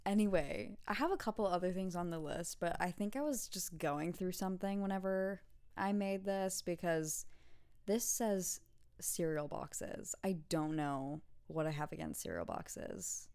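A woman hosts a casual podcast rant and talks with exasperated emphasis. Her voice sits a little low. The recording is dry and close, with little room sound. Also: expressive, measured pace, darkish tone, clean tone, no room sound. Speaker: podcast host; student.

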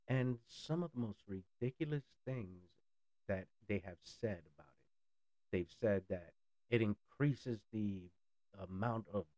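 A man's voice: on the low side, warm tone, dry recording, lo-fi sound. A man in a blunt, sarcastic ranting monologue who swears freely. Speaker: political commentator.

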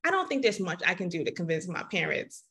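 Expressive woman co-host, lively pitch. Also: fast talker, gravelly. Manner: responsive, laughs easily, reflective. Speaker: podcast co-host and mother. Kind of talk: casual chat.

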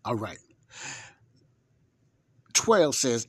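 A man's voice: lowish voice, animated, slow, breathy edge, dry recording. A man hosting a Bible study podcast who reads scripture aloud and explains it in a conversational, emphatic, rambling way. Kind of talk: casual Bible teaching with scripture reading.

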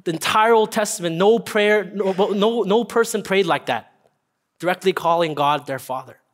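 A young man preaching a casual, earnest sermon, often checking in with listeners with a quick "right?". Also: high-pitched. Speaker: pastor. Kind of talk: conversational sermon.

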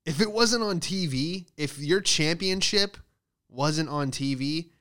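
A young man telling rambling, profane comic stories in a solo monologue, with animated asides. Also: a little high, takes it slowly. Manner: profane, animated storytelling with loud acted outbursts.

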